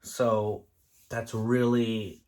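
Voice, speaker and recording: A man's voice: fairly low pitch, little pitch movement, extremely slow, darkish tone. A man in his thirties, a kitchen lead, talking candidly in a casual vlog with rambling restarts. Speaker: line cook and kitchen lead.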